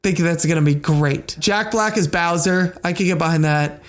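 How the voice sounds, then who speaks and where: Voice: medium pitch, moderate pace. A co-host of a casual nerd-news podcast who sounds upbeat and teasing and argues back playfully.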